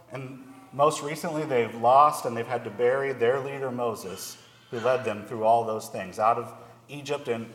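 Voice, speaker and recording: A man's voice: mid-range voice, fairly bright tone. A man preaching a sermon, reading scripture aloud and then explaining it in plain, earnest words. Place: church hall. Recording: echoey hall, long reverb.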